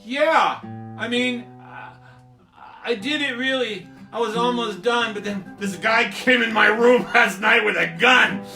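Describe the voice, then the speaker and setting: A man's voice: very high voice, a little slow, creaky, bright, forceful tone, roomy sound, recorded from a distance, soft background music, voice pushed up, exaggerated voice. A man playing a schoolboy who rattles off wild, rambling excuses for missing homework. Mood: excited. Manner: rambling tall-tale excuses. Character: boy making excuses.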